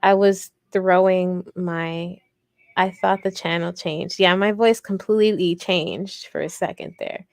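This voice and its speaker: A woman's voice: on the low side, steady tone, unhurried, no echo. A woman hosting a casual livestream crochet tutorial, chatty and rambling, talking directly to her viewers.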